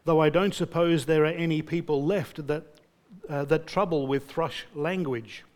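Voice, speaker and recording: A man's voice: fairly high pitch, moderate pace, natural voice. A man voicing a cross, grumbling hobbit, reading his lines aloud from a book.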